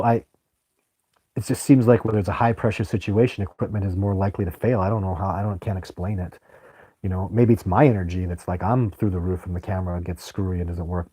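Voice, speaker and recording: Stream host, male, lowish mellow voice, rambling and excitable answering chat questions. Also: breathy edge. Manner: rambling, enthusiastic, often exclaims. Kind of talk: live stream Q&A, casual chat.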